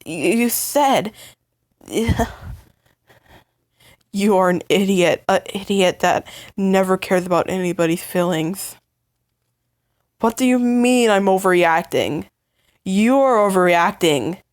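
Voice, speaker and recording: A woman voicing an upset young partner in a fight with the listener, stammering and halting in emotional outbursts. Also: medium pitch, darkish tone, no echo. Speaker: voice actor in a listener role-play. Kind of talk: listener role-play audio drama.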